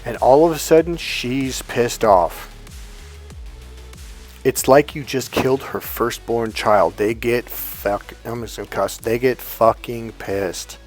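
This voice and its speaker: Blunt, animated man coaching on camera. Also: medium pitch, takes it slowly, soft background music. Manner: animated, acts out quoted dialogue; blunt, swears casually. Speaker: dating coach. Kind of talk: direct-to-camera coaching monologue.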